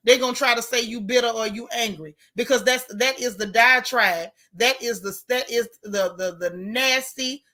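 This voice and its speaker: A woman hosting a casual live stream, reading viewer comments and speaking out in an emphatic, outspoken way. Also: a little high. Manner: animated, outspoken, emphatic repetition.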